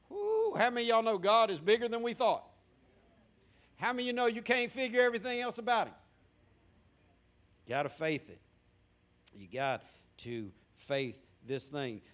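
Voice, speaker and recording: Man, pastor, high voice, sermon, repeats words, rhetorical questions, church. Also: a bit bright. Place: church sanctuary.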